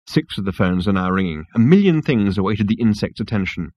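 Deadpan male narrator, lowish, lively delivery, dry booth. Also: fairly quick, hardly any pauses, no room sound, lo-fi sound. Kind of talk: scripted narration.

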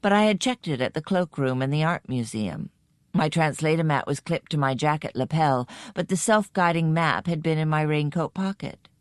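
A woman narrating a first-person story in a measured, even storytelling manner. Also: deep voice, smooth, no echo, clean studio sound. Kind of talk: scripted audiobook narration.

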